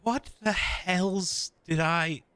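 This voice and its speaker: A man's voice: sits high, extremely slow, sharp tone, clean tone. A man playing a tabletop game, laid-back and chuckling as he talks. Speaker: player. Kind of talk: casual tabletop play.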